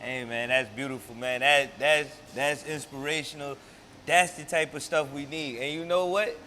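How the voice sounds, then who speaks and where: A man's voice: mid-range voice, steady tone, normal speed, bright, forceful tone, slight background noise. A man hosting an interview, laid-back and affirming, speaking in casual slang. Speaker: interview host.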